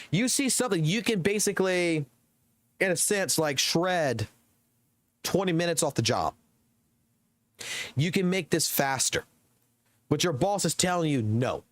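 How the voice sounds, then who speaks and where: Guy in his 30s, streamer, riled-up profane rant, voice leaping around, slightly high, dry close sound. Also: unhurried, long pauses, dry recording. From Southern United States. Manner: excitable, heavily profane ranting. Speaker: game streamer. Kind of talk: live-stream rant to chat.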